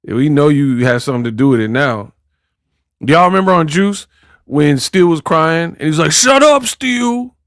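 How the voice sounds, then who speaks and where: A man's voice: a little high, steady tone, brisk, no room sound, studio quality. A man in casual commentary who talks in a mocking, slangy way and acts out quotes. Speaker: boxing commentator.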